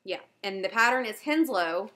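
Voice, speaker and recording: A woman's voice: mid-range voice, lively intonation, moderate pace, sharp tone. A woman hosting a knitting video podcast, chatting casually and enthusiastically about her projects with frequent fillers. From Southern US. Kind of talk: casual show-and-tell chat.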